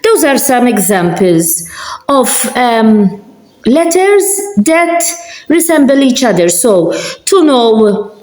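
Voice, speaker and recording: Slow, patient woman teaching in an echoey room. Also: fairly high pitch, sing-song, darkish tone. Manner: patient, repeats words slowly and deliberately. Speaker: language teacher. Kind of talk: slow spelling lesson with examples.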